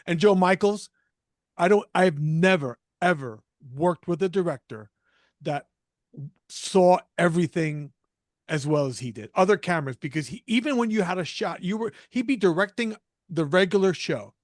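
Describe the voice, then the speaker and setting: High-voiced chatty male host. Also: moderate pace, no room sound, clean studio sound. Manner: relaxed, chatty, complimentary. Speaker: host of a live call show. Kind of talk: casual interview chat.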